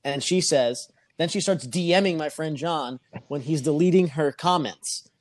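Recorded dry, a man with a voice on the high side talks at a measured pace as he recounts a long anecdote during a casual podcast chat. He's profane and animated, voicing the people he quotes.

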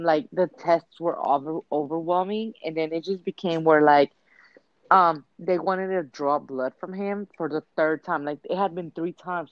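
A woman with a blunt, profane, animated way of telling a story in casual chat. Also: lowish voice, muffled recording, slight background noise.

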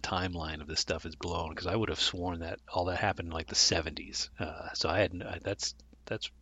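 A man's voice: deep voice, steady tone, a little fast, sharp tone, dry recording. A man co-hosting a podcast in casual chat, hesitant and full of fillers. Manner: hesitant, many fillers and restarts, self-deprecating. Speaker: podcast co-host.

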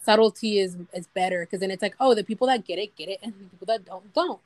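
A woman's voice: medium pitch, fast, a little mellow, no echo. A young woman co-hosting a casual chat podcast, rambling with lots of "like" and giggling. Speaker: podcast co-host.

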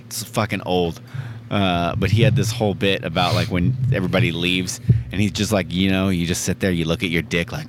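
A man's voice: sits low, little pitch movement, a little fast, noisy background. A man co-hosting a podcast in casual chat, rambling along with frequent ums and casual swearing. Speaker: podcast co-host.

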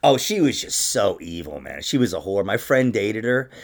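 A middle-aged man hosts a podcast and tells loose, laughing stories in casual chat. His voice is gravelly and lively, moving widely up and down in pitch. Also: normal speed. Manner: storytelling, laughing, acting out quotes. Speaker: podcast host.

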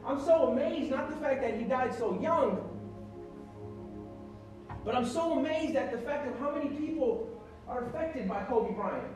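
A man preaching a sermon as pastor, animated and emphatic, with the congregation answering him. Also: very high-pitched, normal speed, pauses often, music in the background. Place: large echoey church hall. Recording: echoey church hall, distant mic.

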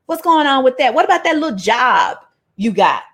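Woman doing a sneering big brother, high-pitched, sing-song, sarcastic, belittling. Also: big pitch swings, moderate pace, fairly bright tone, full character voice. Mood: mocking. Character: scornful older brother mocking his little brother.

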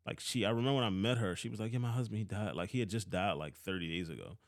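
A man in his thirties with a Philadelphia accent tells a story about an old boss, heated and swearing often. His voice sits a little low. The sound is dry, with no room echo. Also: very fast. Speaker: vlogger. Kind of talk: casual storytelling rant.

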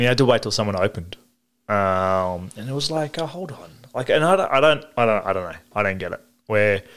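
A man with an Australian accent chatting casually, rambling with lots of fillers. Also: lowish voice. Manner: rambling, filler-heavy, animated. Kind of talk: casual chat.

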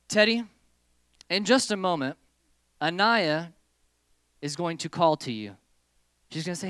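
Lively, bright-voiced youth group leader. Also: medium pitch, normal speed, pauses often, smooth, no echo, clean studio sound. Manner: playful, animated, giving stage directions to volunteers. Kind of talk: leading a hands-on group lesson. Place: indoor meeting room with a group.

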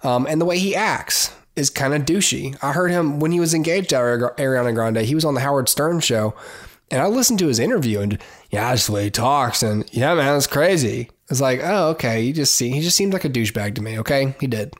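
A man's voice: medium pitch, expressive, fairly quick. Blunt, rambling male podcast host. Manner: rambling, many fillers and restarts; blunt, opinionated. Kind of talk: casual solo commentary.

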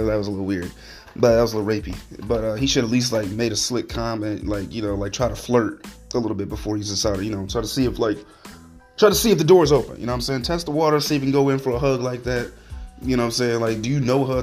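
A man's voice: mid-range voice, steady tone, quick pace, darkish tone, faint music behind. A man hosting a solo podcast, ranting in a heated, profane, rambling way. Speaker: podcast host.

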